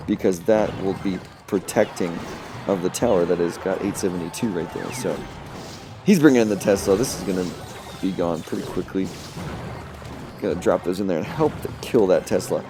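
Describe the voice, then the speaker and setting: A young man talking through replays of his mobile game matches, a casual commentator who gets excited over close plays and trails off quietly. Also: fairly low pitch. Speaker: gaming video host.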